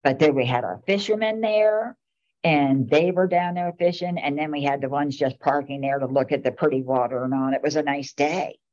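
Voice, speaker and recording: Heard on a dull, lo-fi meeting recording, a middle-aged female town commissioner rambles through casual stories. Her voice sits low, moves at a moderate pace, and has a slightly mellow tone.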